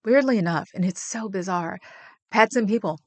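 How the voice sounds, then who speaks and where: A woman's voice: mid-range voice, moderate pace, darkish tone, no room sound. A woman hosting a livestream, chatting casually and rambling with viewers, getting emotional about her pets. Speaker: livestream host.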